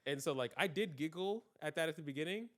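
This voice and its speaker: A man's voice: a little high, expressive, fast talker. A young man hosting a podcast in casual chat, blunt, teasing and profane. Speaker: podcast host.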